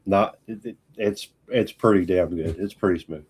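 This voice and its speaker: A man with a fairly low voice chatting on a casual podcast. He is blunt and relaxed, trips over his words and restarts sentences as he goes. He sounds easygoing throughout. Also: moderate pace, husky. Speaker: podcast co-host.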